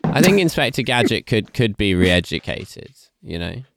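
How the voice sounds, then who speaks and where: Rambling Englishman with a lively voice. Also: on the low side, moderate pace, vocal fry, no room sound, clean studio sound. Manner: rambling, self-interrupting, laughs often. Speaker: podcast co-host. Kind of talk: casual comedic chat.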